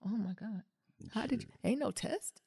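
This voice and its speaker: A woman co-hosting a podcast in casual chat, animated and sassy. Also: a little high, normal speed, gravelly, husky, no echo, clean studio sound. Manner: animated, sassy, calls people honey. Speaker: podcast co-host.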